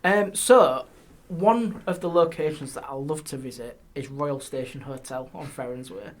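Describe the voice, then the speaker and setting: A man, a guest on a podcast, telling ghost stories in a lively way and dropping his voice on eerie details. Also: mid-range voice, moderate pace. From England. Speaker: guest, paranormal historian. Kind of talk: casual storytelling. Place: podcast studio.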